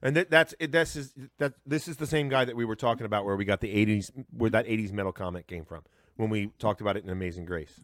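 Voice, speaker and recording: A man co-hosting a reaction podcast over a headset, excited and rambling with many restarts. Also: lowish voice, fast talker, few pauses, no echo, clean studio sound. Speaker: podcast co-host. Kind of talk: casual reaction chat. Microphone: headset on a remote call.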